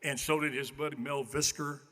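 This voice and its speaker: An older man with a mid-range voice, bright and forceful, speaks at a moderate pace with fairly even intonation. He's giving a banquet acceptance speech at a podium microphone in a large hall, full of folksy, self-deprecating after-dinner stories, and the recording has long banquet hall reverb.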